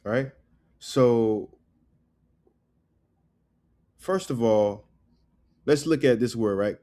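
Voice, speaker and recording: Slow-drilling male language teacher. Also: mid-range voice, mellow. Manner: drills words slowly, tags lines with "right?" and "okay?". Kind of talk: casual online language lesson.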